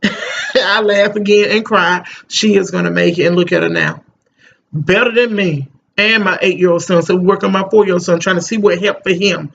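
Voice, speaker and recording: Rambly mom chatting to her phone, raspy edge, faint room hum behind her. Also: medium pitch, fairly even intonation, moderate pace, lo-fi sound. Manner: emphatic, rambling, repeats "you know what I'm saying". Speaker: parent vlogger. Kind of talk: casual chat to camera.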